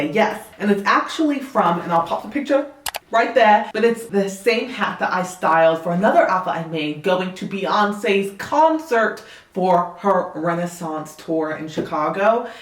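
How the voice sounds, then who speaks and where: A woman's voice: medium pitch, measured pace, a little hiss or hum. Chatty British woman in a roomy room. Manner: playfully putting on a Southern drawl; chatty and upbeat, with asides. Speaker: crochet vlogger. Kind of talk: casual chat to camera. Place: home craft studio. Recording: roomy echo.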